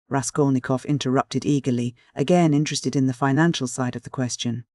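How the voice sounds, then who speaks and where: A man narrating a classic novel as an audiobook in a measured, steady reading. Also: medium pitch, dry recording, studio quality. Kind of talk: scripted literary narration.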